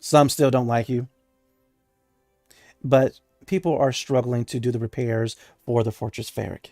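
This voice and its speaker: A man's voice: mid-range voice, steady tone, a little slow, darkish tone, no room sound, clean studio sound, faint music behind. A man narrating as game master of a tabletop game, chatty and laughing, with many fillers.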